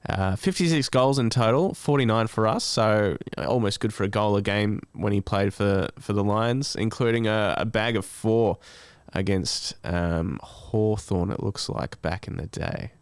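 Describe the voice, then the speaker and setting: A man co-hosting a casual sports podcast, measured, reading off facts as he goes. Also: lowish voice, smooth, no echo. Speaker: podcast co-host.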